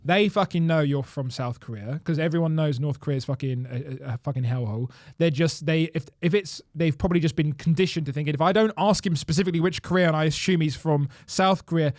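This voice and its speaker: An Irish man chats on a comedy podcast, blunt and sweary, his opinions rattling out fast. His voice sits a bit high. The sound is dry and close to the mic. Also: a little mellow, no room sound. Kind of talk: casual chat.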